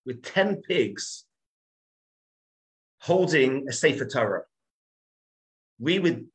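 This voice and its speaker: Animated rabbi telling a story. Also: male voice, mid-range voice, rough recording. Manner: acts out the characters' voices, with frequent restarts.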